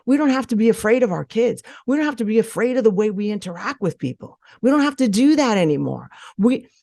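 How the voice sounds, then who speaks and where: A middle-aged woman talks through a solo podcast episode in a candid, blunt way, swearing now and then. Her voice has a gravelly edge of vocal fry, and the recording is dry and close with no room sound. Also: on the high side, big pitch swings, fast talker, mellow, dry recording. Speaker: podcast host.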